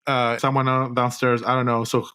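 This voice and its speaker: A young man co-hosting a podcast, casually recapping a film, animated and laughing, with sudden high-pitched outbursts. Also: moderate pace, smooth. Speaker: podcast co-host.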